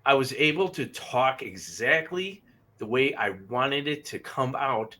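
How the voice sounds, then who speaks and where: A man co-hosting a paranormal podcast, telling a personal story in a halting, emotional way and often repeating himself. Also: medium pitch, animated, bright, forceful tone. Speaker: podcast co-host. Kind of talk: casual storytelling.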